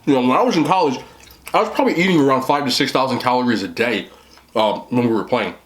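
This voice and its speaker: A young male mukbang vlogger with a medium-pitched voice talks fast while eating on camera. He chats casually and rambles, often speaking with his mouth full.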